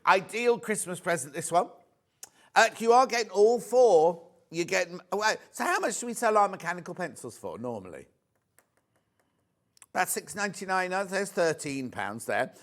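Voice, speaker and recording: A man's voice: sits high, lively intonation, normal speed, a bit bright. A middle-aged man presenting live on a shopping channel, chatting and reading out viewer messages.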